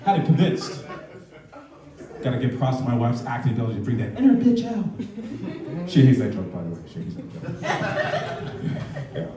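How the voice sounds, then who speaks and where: With a mid-range voice whose pitch swoops wildly, a man in his thirties talks at normal speed with long pauses during a relaxed comedy club set. He acts out voices over crowd noise and laughter, recorded from a distance in a roomy space.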